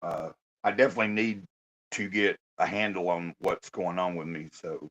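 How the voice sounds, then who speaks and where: A hoarse man in a halting, casual live-stream check-in, talking into his phone with many pauses and fillers. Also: low voice, fairly even intonation, a bit bright, rough recording.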